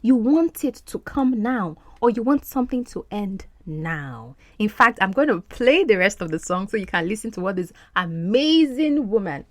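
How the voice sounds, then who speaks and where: A woman teaching English over film clips, her pitch leaping up and down as she explains and repeats words for practice. The recording is dry and close, with no room sound. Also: big pitch swings, moderate pace, few pauses, no echo. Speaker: podcast host and English teacher.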